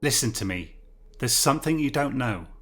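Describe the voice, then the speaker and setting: A man's voice: medium pitch, animated, normal speed, fairly bright tone, natural voice. A man voicing an anxious, pompous male schoolteacher held prisoner, pleading in an earnest, prim way in a story reading. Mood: persuading.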